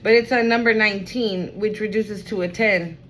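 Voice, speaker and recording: A woman's voice: medium pitch, steady tone, moderate pace, fairly bright tone, a little hiss or hum, rough recording. A woman giving a casual tarot reading at home, talking in a chatty, slangy way full of fillers. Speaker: tarot reader.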